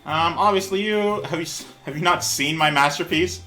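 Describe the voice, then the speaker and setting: A man plays through a visual novel, reading the narration and joking with frequent laughs and swearing. His voice is bright and sits slightly high, over faint music. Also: normal speed, hardly any pauses. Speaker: let's play host. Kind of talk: reading a game aloud with commentary.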